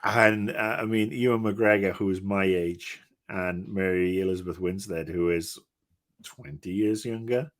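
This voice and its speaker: A British man in his fifties co-hosting a podcast, chatting casually with blunt, profane, animated ranting. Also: sits low, unhurried, no room sound, clean studio sound. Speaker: podcast co-host. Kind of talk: casual chat.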